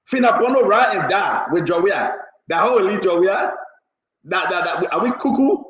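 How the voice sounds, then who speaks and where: Excitable man hosting a talk show. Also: high voice, normal speed. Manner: excitable, laughing, repeats words, mocking. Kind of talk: animated political talk show. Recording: roomy, dull lo-fi sound.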